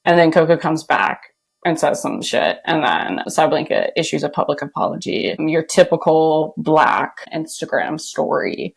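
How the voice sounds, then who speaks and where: A woman's voice: low voice, normal speed, vocal fry, husky. Chatty woman podcast host. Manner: chatty, animated, laughs often. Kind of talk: casual chat.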